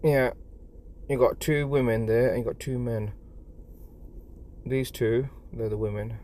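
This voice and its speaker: A man's voice: mid-range voice, fairly even intonation, measured pace, warm tone. A man with an English accent chatting casually on a live stream from his phone, stumbling over his words and repeating himself. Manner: stammering, repeats words, rambling and apologetic.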